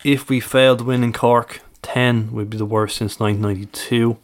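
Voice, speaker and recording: A man on a casual podcast, working through a list of figures, dates and records. His voice sits in a middling register, and he talks at an even, methodical pace. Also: medium pitch, a little fast. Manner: reels off stats and dates, methodical. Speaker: podcast co-host, stats presenter.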